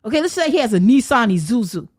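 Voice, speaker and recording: A young woman, a podcast guest, ranting in loud, brash, profane casual chat and laughing as she goes. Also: on the high side, sing-song, fast, breathy edge.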